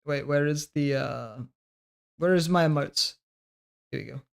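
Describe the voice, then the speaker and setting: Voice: mid-range voice, measured pace, vocal fry, smooth. Joking, laugh-prone livestreamer. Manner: loose and joking, laughs often and swears; talks to self while working, trailing off mid-sentence. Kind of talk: casual livestream chat with viewers.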